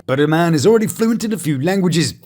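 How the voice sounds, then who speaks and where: A man's voice: on the high side, lively intonation, quick pace, a little mellow, faint music behind. A man hosting a comic review show, narrating with sarcastic, jokey commentary. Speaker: YouTube show host and reviewer.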